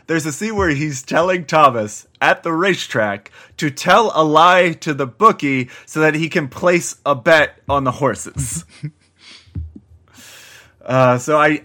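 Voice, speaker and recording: Male podcast co-host, bright voice, casual filler-heavy movie banter. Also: a little high, measured pace. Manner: loose, filler-heavy, chuckling.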